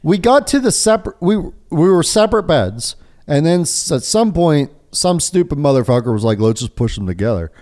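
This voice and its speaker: Animated, lively-voiced male podcast host. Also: a little high, moderate pace. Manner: animated, swears freely, laughs often. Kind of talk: casual storytelling chat.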